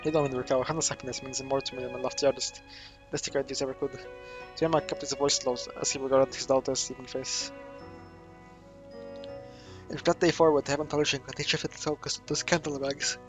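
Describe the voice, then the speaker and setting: A man's voice: medium pitch, flat delivery, quick pace, faint music behind. Man reading a game aloud, stumbling. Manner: reads all the characters himself with little voice change, stumbles and self-corrects. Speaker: let's play host reading a visual novel aloud. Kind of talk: casual read-aloud of game text with asides.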